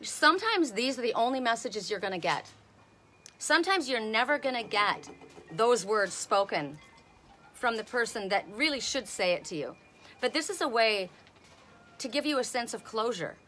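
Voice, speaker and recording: A woman's voice: on the high side, sing-song, normal speed, a bit bright, faint music behind. A woman reading oracle cards on a casual live stream outdoors, talking bluntly and swearing freely. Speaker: oracle card reader.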